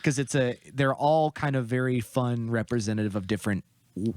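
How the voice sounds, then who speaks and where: A man talking films in a relaxed back-and-forth, stopping and restarting his sentences as he works his thoughts out. His voice sits at an ordinary middle pitch, recorded close and dry with no room sound. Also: dry recording. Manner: halting, restarts often while thinking aloud. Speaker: co-host of a movie review show. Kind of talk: casual chat.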